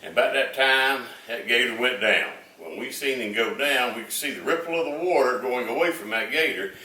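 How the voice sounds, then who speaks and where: An older man with a Southern drawl spins a rambling, folksy yarn with plenty of fillers. His voice is bright, and he sits back from the mic in a roomy space with a faint hum underneath. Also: medium pitch, a little fast, far from the mic. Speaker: storyteller. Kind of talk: folksy storytelling.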